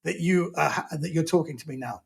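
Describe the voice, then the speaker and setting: A male comedian telling a long, self-mocking anecdote as a guest, in a lively, rambling way. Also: fairly high pitch, fast, gravelly.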